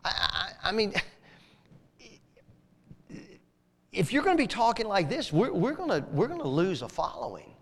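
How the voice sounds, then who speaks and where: A preacher voicing the apostle Peter, who pleads, stammers and lectures in a patronizing way. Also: male voice, high voice, huge pitch swings, normal speed, pauses often, husky, long reverb tail, voice pushed up, full character voice. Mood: pleading, patronizing.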